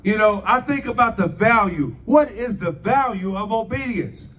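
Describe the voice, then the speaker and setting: High-voiced preacher asking rhetorical questions. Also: male voice, animated, moderate pace, fairly bright tone, far from the mic. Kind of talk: sermon.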